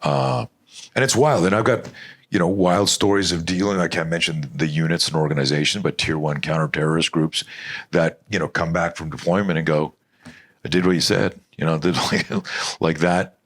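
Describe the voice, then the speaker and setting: A middle-aged man telling animated stories as a guest in an interview, rambling and restarting often. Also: low-pitched, normal speed. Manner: animated, rambling storyteller with frequent restarts and profanity. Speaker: self-defense expert guest. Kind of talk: storytelling interview talk.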